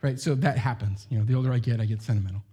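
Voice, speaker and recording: A middle-aged man preaching a sermon, talking to his congregation like he's chatting with friends. He leans on filler words and rhetorical questions, keeping it loose and informal in a voice that sits at an ordinary male pitch. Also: racing, dark tone, breathy edge. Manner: conversational, heavy use of "like" and rhetorical questions.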